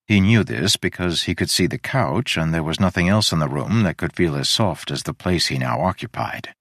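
A man narrating a story in a steady, deliberate audiobook reading. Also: sits low, dry recording, clean studio sound. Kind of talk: scripted narration.

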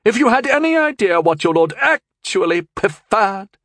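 A man's voice: fairly high pitch, expressive, normal speed, a bit bright, no echo, clean studio sound, pitched above the performer's own voice. A man voicing a shrieking, furious noblewoman. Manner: shrieking, scolding. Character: furious scheming middle-aged noblewoman. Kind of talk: audiobook character voice.

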